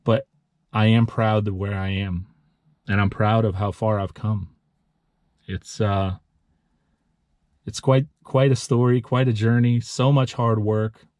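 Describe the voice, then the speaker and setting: A man in his thirties who owns a lawn care business, giving a heartfelt motivational vlog talk, earnest and emotional, halting and restarting as he speaks. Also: on the low side, steady tone, darkish tone, no echo. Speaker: lawn care business owner and channel host.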